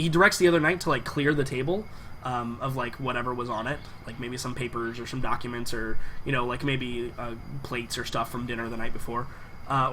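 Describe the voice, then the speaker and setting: A man running a tabletop game, narrating in a rambling, filler-heavy way. His voice is bright and forward, with faint noise underneath. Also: mid-range voice, rough recording. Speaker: game master.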